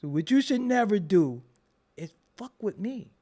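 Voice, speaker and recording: A man's voice: high voice, big pitch swings, unhurried, dark tone. A man hosting his own show, doing livestream roast commentary in a mock-outraged, teasing way. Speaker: show host.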